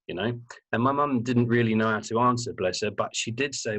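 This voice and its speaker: A man being interviewed as a guest, telling his personal story in an animated, candid way and swearing freely. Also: fairly low pitch, moderate pace. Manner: animated, earnest, swears freely and repeats words for emphasis.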